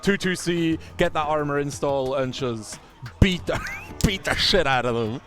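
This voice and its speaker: Chatty excitable guy casting a fighting game tourney live, slightly high voice. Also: unhurried, soft background music. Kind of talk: live esports commentary. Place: tournament venue room.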